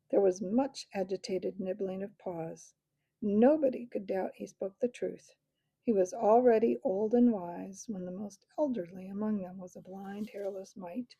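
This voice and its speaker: A woman reading a children's animal novel aloud as storybook narration, sometimes dropping into soft whispers. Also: medium pitch, gravelly, husky, dry recording. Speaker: audiobook reader.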